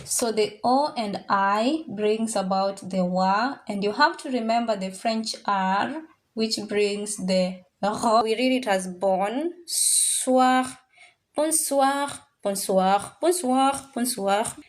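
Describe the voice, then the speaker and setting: A woman teaching a French class, drilling words slowly and repeating them, now and then mixing in Swahili phrases. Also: mid-range voice. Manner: slow, repetitive drilling of words. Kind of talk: classroom language lesson.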